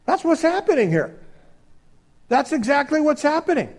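A male pastor preaching a sermon, emphatic and swinging between loud exclamations and quiet asides. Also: very high-pitched, very animated, moderate pace.

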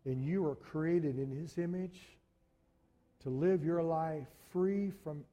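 A man preaching a sermon in church, telling stories with animated delivery and speaking directly to the congregation. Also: on the high side, takes it slowly. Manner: animated storytelling, addresses congregation as folks. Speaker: pastor.

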